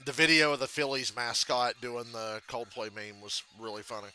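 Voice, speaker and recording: A man hosts a loose, casual live reaction stream, telling stories in a profane, laughing way. His voice is very bright and sharp, sitting at an ordinary middle pitch. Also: normal speed, slight background noise. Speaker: channel host.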